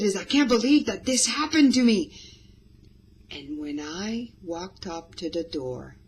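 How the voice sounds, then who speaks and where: A woman podcast host giving guests friendly instructions, expressive and demonstrating examples with her voice. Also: on the low side, husky, rough recording.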